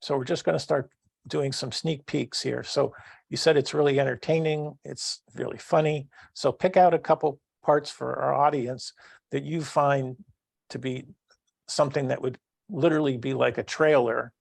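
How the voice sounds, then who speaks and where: A man's voice: medium pitch, steady tone, normal speed, gravelly, no room sound. A man in his sixties hosting a podcast interview, asking long rambling questions full of restarts. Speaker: podcast host. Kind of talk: casual interview.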